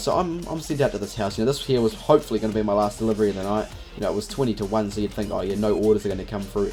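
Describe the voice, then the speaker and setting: A man's voice: fairly low pitch, darkish tone. A young man telling a rambling story in a casual vlog, swearing constantly and filling every gap with "you know". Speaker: vlogger.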